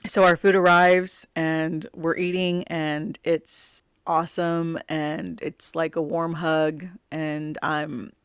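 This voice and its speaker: A middle-aged woman hosting a podcast, telling a long personal story in a loose, rambling way that is full of "like". Her voice is smooth and clear, recorded dry and close. Under the chatter there is a wistful, grieving edge. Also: low-pitched, little pitch movement, slow pace, dry recording. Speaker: podcast host.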